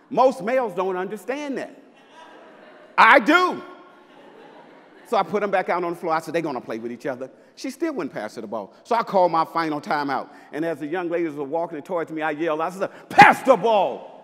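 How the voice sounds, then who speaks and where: High-voiced man, punchy stage talk. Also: big-room sound. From Mississippi, US. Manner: punchy and playful, bursts of loud emphasis. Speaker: basketball coach giving a talk. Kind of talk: live inspirational stage talk. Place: large festival venue with audience.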